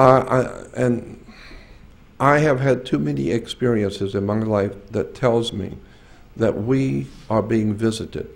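A man's voice: mid-range voice, creaky, darkish tone. Earnest man in his sixties lecturing. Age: 60s. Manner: earnest, emphatic storytelling with repeated phrases. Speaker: symposium speaker. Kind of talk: lecture with personal stories.

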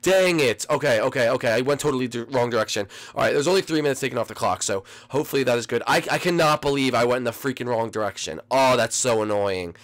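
A teenage young man giving excitable gameplay commentary to his viewers, dropping to a mumble and then bursting into yells. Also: medium pitch, fast talker, hardly any pauses. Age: late teens. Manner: excitable, swings from mumbling to yelling; addresses viewers as folks. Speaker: gaming video host.

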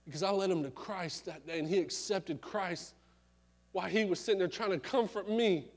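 High-voiced preacher man telling a story. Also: moderate pace. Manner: dramatic, swells loud then drops to a hush. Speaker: revival preacher. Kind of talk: sermon storytelling. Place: church service.

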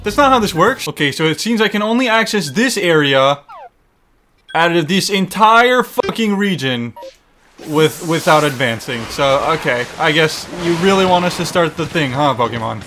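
A young man giving excitable, profane let's-play commentary, talking to the game and its creatures as he plays. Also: a little high, moderate pace, soft background music. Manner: excitable, swearing, talks to the game. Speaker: gaming YouTuber.

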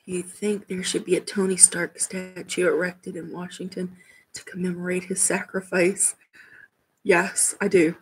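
Woman streamer, casual home chat, husky and unhurried, chatty with frequent laughs. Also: lowish voice, little pitch movement, rough recording. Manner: chatty, rambling, laughs often. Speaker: livestream host.

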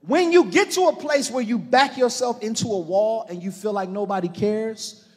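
A man's voice: high-pitched, normal speed, husky. Impassioned preacher man, hall echo. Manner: impassioned preaching that swings from hushed to shouting; calls on the congregation directly. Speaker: pastor. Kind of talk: sermon. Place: church. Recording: long reverb of a large church hall.

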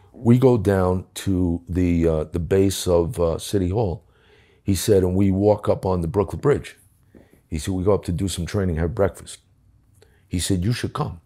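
A former police commissioner from the United States tells a story bluntly as a guest in a long-form interview, acting out the dialogue with profanity. His voice is low and warm.

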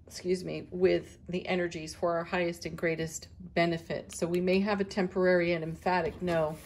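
Casting note: middle-aged woman, tarot reader, lowish voice, gentle and spiritual, laughs easily. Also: little pitch movement, moderate pace, a little hiss or hum. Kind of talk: daily tarot reading to camera.

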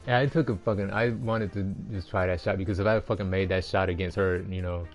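A man's voice: low-pitched, steady tone, brisk, faint music behind. A man in his forties streaming a golf game, rambling and swearing heavily with frustrated outbursts. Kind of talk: casual chat while playing.

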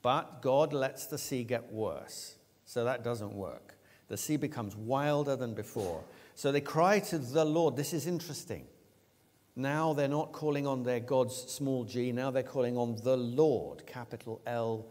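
A man preaching a sermon, retelling a story with lively, acted-out voices for the characters. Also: medium pitch, unhurried. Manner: animated storytelling, acting out quoted lines. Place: church. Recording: long church reverb.

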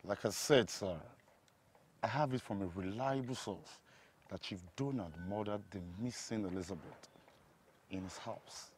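A man's voice: fairly low pitch, measured pace, darkish tone, a little hiss or hum, lightly acted. An actor with a Nigerian accent playing a polite blogger who reports to his boss in a film drama. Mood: deferential. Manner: polite, deferential. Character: deferential male blogger, informant.

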